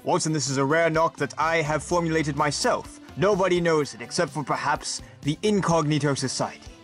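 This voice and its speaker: A man's voice: fairly high pitch, brisk, over music, lightly acted. A man doing a pompous bumbling detective. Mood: smug. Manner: self-assured, blustering, raised voice. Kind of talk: amateur comedy audio sketch.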